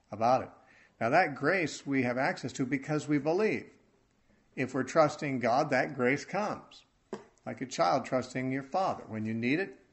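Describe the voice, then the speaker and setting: A man teaching from the Bible in an earnest sermon, speaking haltingly and restarting his phrases often. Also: medium pitch, gravelly. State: choked up with emotion.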